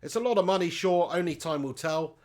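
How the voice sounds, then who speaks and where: A man with a brisk, higher-side voice hosts a live football watch-along stream. He chats casually, reads out comments from viewers, and calls them mate.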